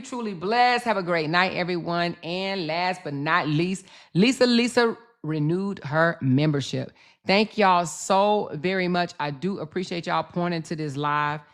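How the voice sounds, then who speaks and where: A woman hosting a casual live stream in a blunt, profane, animated style, thanking viewers and speaking. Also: lowish voice. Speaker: live-stream commentary host.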